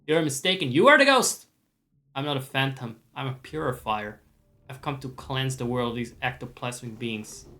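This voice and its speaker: Man reading quiet grim game purifier, flat delivery, bright tone. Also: mid-range voice, normal speed. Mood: cold. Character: calm grim male purifier, cold and certain. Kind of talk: reading game dialogue aloud.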